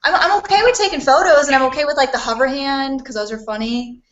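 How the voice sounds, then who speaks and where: A woman cosplayer telling animated stories in a casual group video chat, swearing casually. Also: high-pitched, fast talker. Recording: lo-fi video call audio.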